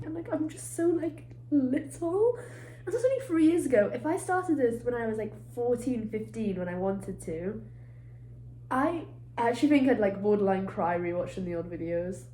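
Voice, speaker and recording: A woman's voice: on the high side, mellow, a little hiss or hum. Chatty congested young British woman. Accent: British English. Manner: chatty, self-mocking, swears casually. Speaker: vlogger. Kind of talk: casual rambling vlog talk. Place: resort hotel room. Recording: echoey room with faint ambience.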